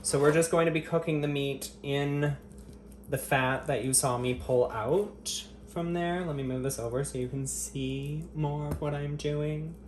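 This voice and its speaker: A man's voice: fairly high pitch, steady tone, measured pace. A man vlogging as he cooks in his home kitchen. He talks straight to his viewers in a profane, sarcastic, mock-dramatic way and teases them. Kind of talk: cooking vlog chat to camera. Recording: echoey kitchen with faint ambient noise.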